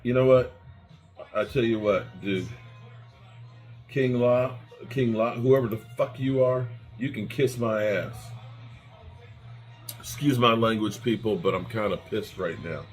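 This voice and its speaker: A man's voice: mid-range voice, a little slow, soft background music. A man hosting a fan channel, delivering an angry, repetitive rant with swearing.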